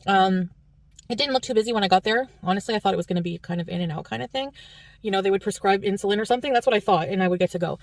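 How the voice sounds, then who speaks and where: Fast-talking woman vlogger, rambling. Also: mid-range voice, no room sound, distant mic. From Canada. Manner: rambling, chatty recounting. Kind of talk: storytelling vlog.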